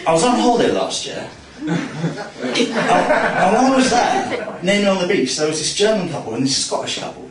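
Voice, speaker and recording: A man's voice: mid-range voice, slight background noise. A man doing a stand-up comedy set, rambling and self-mocking, with lots of fillers. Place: comedy club stage before a laughing audience. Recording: echoey live club recording from far off with crowd laughter.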